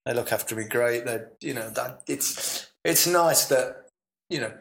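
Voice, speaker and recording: A man's voice: mid-range voice, a little slow, gravelly, fairly bright tone, rough recording. A man in his sixties with an English accent, a former footballer as podcast guest, telling chatty stories and laughing along. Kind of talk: relaxed anecdotal storytelling.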